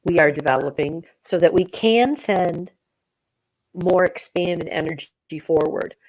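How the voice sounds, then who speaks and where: A woman co-hosting a casual spiritual chat, retelling an everyday story in an animated way. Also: lowish voice, a little slow, rough recording. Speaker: co-host.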